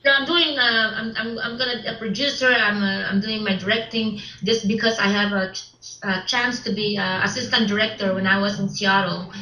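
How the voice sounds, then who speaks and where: A woman being interviewed about her film work, speaking haltingly with many restarts and broken grammar. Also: mid-range voice, steady tone, pushed and bright, slight background noise. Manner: halting, repeats words, non-native English grammar. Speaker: interview guest, filmmaker. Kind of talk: casual interview. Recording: roomy, dull lo-fi sound.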